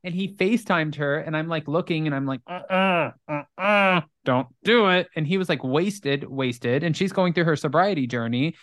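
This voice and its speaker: A woman spins a gossipy story in relaxed, casual chat, sprinkling "like" through every line and swearing freely. The sound is dry and close, with no room echo, and she acts out each person she quotes. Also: fairly quick, hardly any pauses. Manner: animated storyteller, acts out quotes in high voices; frequent "like" fillers, swears casually.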